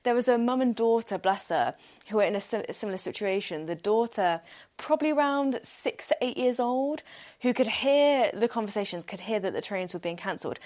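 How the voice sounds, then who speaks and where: A woman's voice: on the high side, animated, fairly quick, a little mellow. Upbeat, chatty young woman podcaster. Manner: upbeat and chatty, many "like" fillers; laughs often and acts out quoted speech. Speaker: podcast host. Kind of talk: solo podcast storytelling.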